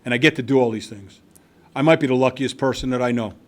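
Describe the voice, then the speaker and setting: A man's voice: mid-range voice, quick pace. Older man giving candid testimony. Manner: candid storytelling with repeated restarts and wry asides. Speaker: recovery meeting speaker. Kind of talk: personal testimony to a live meeting. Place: meeting hall.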